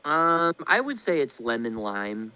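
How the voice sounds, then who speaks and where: A man joins in the banter on a casual livestream. He keeps throwing out joking, teasing questions in a middle-pitched, everyday voice. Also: sing-song, unhurried, bright, forceful tone, clear, resonant tone, low-quality recording. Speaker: co-streamer.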